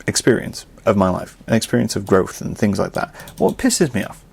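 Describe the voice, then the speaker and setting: A young man hosting a podcast, ranting casually and swinging from low muttering to loud exasperated outbursts. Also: big pitch swings, fairly quick, creaky, slight background noise. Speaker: podcast host.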